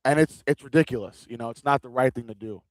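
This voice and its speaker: A man's voice: mid-range voice, fast talker, no room sound, poor audio. Chatty male fight-stream commentator, dry sound. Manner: chatty, rambling, repeats himself. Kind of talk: casual live watch-along commentary. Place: seated in a gaming chair at home.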